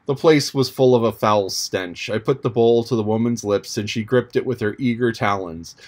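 A man reading an audiobook chapter in a measured, descriptive manner. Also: fairly low pitch, a little mellow. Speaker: audiobook narrator. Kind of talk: audiobook narration.

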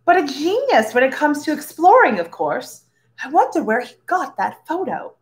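A woman voicing a rich, bored, easygoing gentleman with breezy upper-class politeness in a storybook reading. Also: high voice, very animated, moderate pace, voice pushed up. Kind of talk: read-aloud storytelling.

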